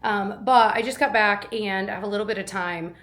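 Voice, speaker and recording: A woman's voice: mid-range voice, fairly bright tone. A woman vlogging casually and cheerfully about her run, her dog and making dinner. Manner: cheerful, chatty, quick asides. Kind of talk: casual vlog chat.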